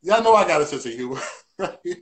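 A man's voice: on the high side, lively intonation, fast, a bit bright. Playful, teasing man on a livestream. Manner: playful and teasing, laughs often; loose, repetitive talk with slang fillers. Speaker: livestream host. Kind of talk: casual livestream chat reading viewer comments.

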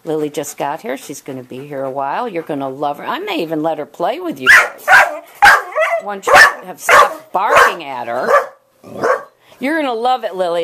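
A woman with a lowish voice talks to her dogs at home in pet talk, switching between scolding and praising them. The recording carries heavy background noise from the dogs barking loudly behind her.

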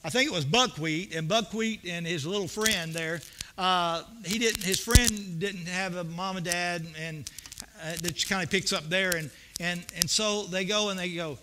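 A man's voice: high voice, a little slow, background noise. A male pastor preaching a sermon in a church, telling folksy stories and building to emphatic points. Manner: folksy, storytelling preacher with rising emphatic bursts. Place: church sanctuary.

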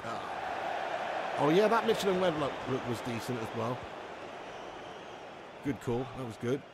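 A man's voice: medium pitch, big pitch swings, a little slow, a loud crowd, heavy background noise. A man live-streaming a football game, chatting loosely with his viewers, swearing and laughing often. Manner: swearing, laughing, rambling banter with chat. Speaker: streamer reading chat. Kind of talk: casual live-stream chat.

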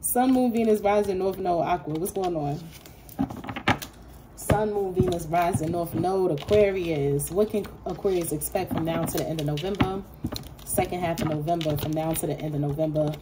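A woman's voice: on the low side, normal speed, heavy background noise. A woman reading tarot for her viewers in a casual, slangy way, blunt and profane, often laughing. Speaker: tarot reader.

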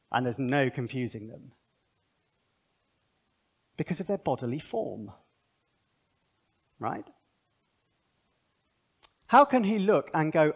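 A man giving a conversational Bible seminar talk, animated and thinking aloud with asides. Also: a little high, slow, long pauses, breathy edge. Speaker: seminar speaker.

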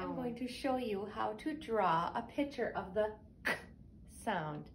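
Slow, patient woman teaching phonics. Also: mid-range voice, expressive, recorded from a distance. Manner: slow, clear, sounds out letters. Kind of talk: phonics lesson for young children. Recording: voice a little off-mic, faint room noise.

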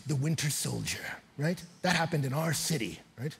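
A pastor preaching a lively sermon, telling stories and asking rhetorical questions. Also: male voice, a little high, moderate pace, gravelly, slightly rough. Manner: animated storytelling with rhetorical questions. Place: large church hall.

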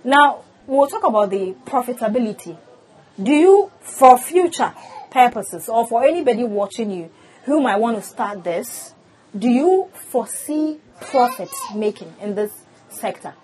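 A woman's voice: a little high, lively intonation, unhurried, a little mellow, breathy edge, poor audio. A woman from Ghana hosting an interview, asking questions and giving frequent short affirmations. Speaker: interviewer, host.

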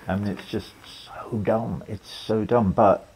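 A man's voice: lowish voice, steady tone, unhurried, darkish tone, husky, poor audio. An older man, telling a long story as an interview guest, rambling with restarts and quoted lines. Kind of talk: relaxed storytelling conversation.

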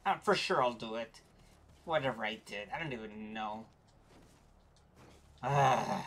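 A woman streaming a game, chatting casually with viewers in an animated way, quick to get frustrated. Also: slight background noise. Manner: voice jumps high when excited.

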